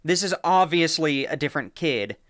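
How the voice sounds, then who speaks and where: A woman co-hosting a podcast, telling a story in casual chat, animated and laughing often as she acts out quotes. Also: low-pitched, moderate pace, no echo. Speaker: podcast co-host.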